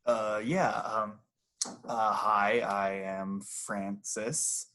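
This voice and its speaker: A man voicing a grumpy man who wants quiet to read his paper, speaking hesitantly. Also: fairly low pitch, fairly even intonation, heavily acted. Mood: grumbling. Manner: hesitant, halting.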